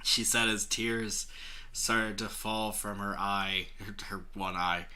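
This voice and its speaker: A young man reads a clumsy fan story aloud, stopping often to joke about it. His voice sits low but sounds very bright and forceful, and he laughs and swears as he goes. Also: fairly even intonation, takes it slowly. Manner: sarcastic, laughs often, swears, breaks off to comment. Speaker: host reading fan fiction aloud. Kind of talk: mocking dramatic reading with banter.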